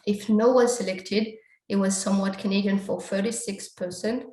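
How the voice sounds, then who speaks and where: A woman's voice: medium pitch, steady tone, normal speed, mellow. Woman presenting research in an echoey room. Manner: explanatory, steps through results with frequent quotes of survey questions. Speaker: academic conference presenter. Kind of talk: research talk walking through slides.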